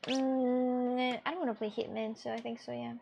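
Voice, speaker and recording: A woman's voice: fairly high pitch, flat delivery, normal speed, gravelly, warm tone, slight background noise. A young woman streamer from Russia, chatting casually with viewers in a rambling way, with gasps and restarts. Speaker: live streamer.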